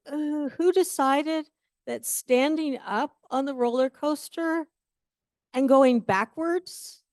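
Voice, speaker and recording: A woman gives a casual, personal sermon, full of candid stories and self-deprecating jokes. Her voice sits a little high. The sound is dry and close, with little room echo. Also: darkish tone. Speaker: speaker at a church service. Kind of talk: conversational sermon. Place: church sanctuary.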